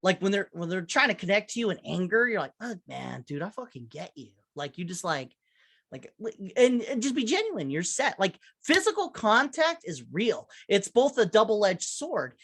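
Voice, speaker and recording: A woman's voice: medium pitch, sing-song, normal speed. A woman chatting loosely on a podcast, full of fillers and swearing. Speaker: podcast co-host. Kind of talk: casual chat.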